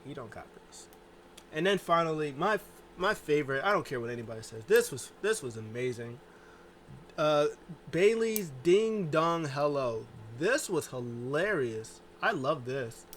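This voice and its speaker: A man's voice: on the high side, sing-song, moderate pace, fairly bright tone, slight background noise. Man rambling through a casual recap. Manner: rambling, loose, heavy on filler words. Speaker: wrestling show reviewer.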